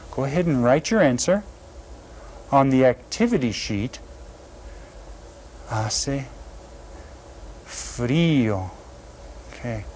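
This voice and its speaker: A man teaching an elementary Spanish lesson, saying Spanish phrases slowly and clearly in a friendly, encouraging teacher manner. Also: medium pitch, darkish tone, slight background noise. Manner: slow, carefully enunciated Spanish phrases for learners.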